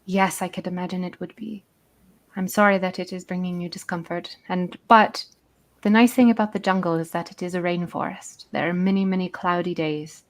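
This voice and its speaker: A woman's voice: lowish voice, fairly even intonation, brisk, lightly acted. A woman voicing a gracious female jungle guide, speaking formally in a put-on British accent. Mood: courteous. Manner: courteous, formal phrasing.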